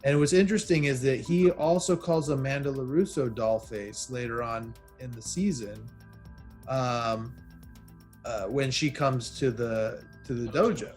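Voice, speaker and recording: Male panelist, mid pitch, measured and thoughtful, hesitant fillers, faint background music. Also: a little mellow. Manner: measured and thoughtful, many ums and uhs. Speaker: podcast panelist. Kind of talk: casual discussion of a TV show.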